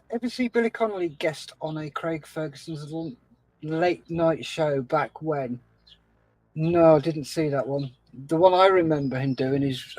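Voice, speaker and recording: A man co-hosts a relaxed livestream, cheerfully reading out viewer comments. His voice sits a bit high for a man. It sounds dry and close, with no room echo. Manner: cheerful, reads chat comments aloud with laughs. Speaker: co-host reading live chat. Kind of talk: casual livestream chat.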